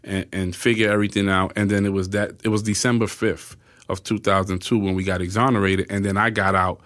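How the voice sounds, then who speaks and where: A man in his forties with a lowish voice talks as an interview guest. He tells his story in a relaxed way, slipping into the voices of the people he quotes and checking in with a frequent "right?". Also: a little fast. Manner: acts out quoted voices, often asks "right?". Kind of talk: casual storytelling.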